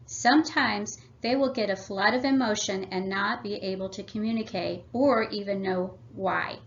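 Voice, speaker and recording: A woman's voice: medium pitch, slight background noise. Woman reading a workshop script, lo-fi. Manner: measured, instructive reading. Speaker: family workshop presenter. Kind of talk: scripted read-aloud presentation. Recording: slightly dull lo-fi audio.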